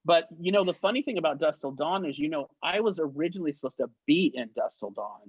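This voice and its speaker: A man telling show-business stories as an interview guest, in a lively way, acting out the voices he quotes. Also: a little high, fast talker, slightly rough, no room sound. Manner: animated anecdotes, acts out quoted voices, laughs often. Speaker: guest, actor and effects artist. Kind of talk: casual storytelling interview. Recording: dull, lo-fi sound.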